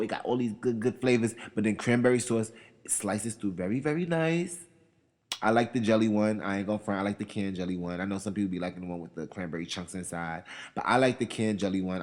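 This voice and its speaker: A man with a fairly low voice hosts a casual, opinionated countdown. He talks in a loose, chatty flow, circles back on his own phrases and asks the audience questions. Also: in a large hall. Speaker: host of a countdown show.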